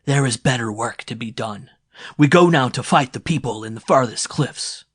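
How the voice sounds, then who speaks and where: A man's voice: medium pitch, normal speed, husky, no echo, clean studio sound, natural voice. A male narrator voicing a cocky, pushy young warrior who speaks sharply and insistently.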